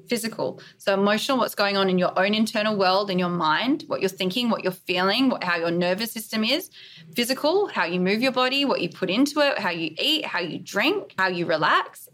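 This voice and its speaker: A woman's voice: mid-range voice, fairly bright tone. Earnest, emphatic woman podcast guest. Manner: earnest, emphatic, list-like delivery. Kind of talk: candid interview conversation.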